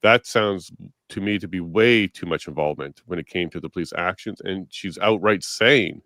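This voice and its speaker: Deep-voiced earnest male talk host. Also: normal speed, bright, forceful tone, no echo, clean studio sound. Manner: earnest, steering, reads quotes aloud. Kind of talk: interview talk show.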